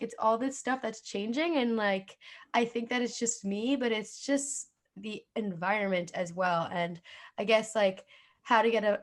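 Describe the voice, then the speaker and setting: Young New Jersey woman, podcast co-host, slightly high voice, loose rambling chat. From New Jersey, USA. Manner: chatty, rambling with lots of "like". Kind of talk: casual chat.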